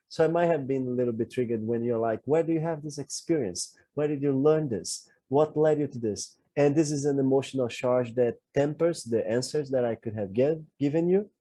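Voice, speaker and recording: A man's voice: medium pitch, dark tone, no room sound. A man co-hosting a podcast, telling a personal story in an earnest, self-reflective way. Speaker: podcast co-host. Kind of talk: candid conversational podcast talk.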